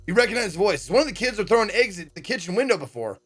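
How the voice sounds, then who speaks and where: A man's voice: very animated, rapid-fire, a bit bright, husky. A man streaming himself as he reads a visual novel aloud, sarcastic and swearing freely. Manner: sarcastic, swears freely, acts out quoted lines with pitch jumps.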